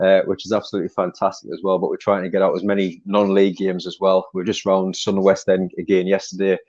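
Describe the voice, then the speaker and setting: Upbeat North East English host, quick and low, dark tone, muffled recording. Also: male voice. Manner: upbeat, chatty sign-off. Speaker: channel host, interviewer. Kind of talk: casual interview chat. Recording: dull lo-fi audio.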